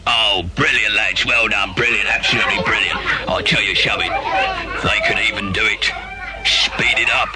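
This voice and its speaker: A man doing comic radio banter, talking in a brisk, bossy, coaxing way. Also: lowish voice, steady tone, a loud crowd. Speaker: radio show regular. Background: music.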